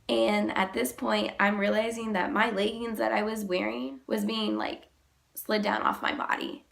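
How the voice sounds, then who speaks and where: A young woman vlogger, sick and deeper-voiced than usual, retelling a personal story in a halting, emotional way, full of "like". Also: fairly even intonation, vocal fry.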